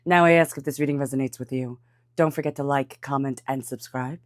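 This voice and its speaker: A woman with a congested, stuffy voice, giving a calm tarot reading. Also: very deep voice, fairly quick, no echo, clean studio sound. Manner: calm, soothing guidance. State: congested from a cold. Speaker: tarot reader.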